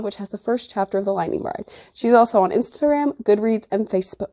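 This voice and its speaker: A woman's voice: medium pitch, fast, mellow. A woman reviewing books on her channel, gushing with enthusiasm and wandering into playful asides. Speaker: book reviewer and author. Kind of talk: casual book review vlog.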